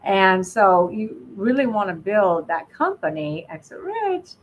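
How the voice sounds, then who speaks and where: A woman hosting a podcast interview, lively and quick to laugh in casual chat. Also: medium pitch, a little hiss or hum, low-quality recording. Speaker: podcast host.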